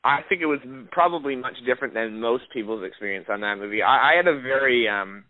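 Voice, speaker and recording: A man's voice: mid-range voice, quick pace, no echo. A young adult man, an actor, chatting in an interview, rambling with many restarts and fillers. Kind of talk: casual interview chat. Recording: dry, tinny phone line.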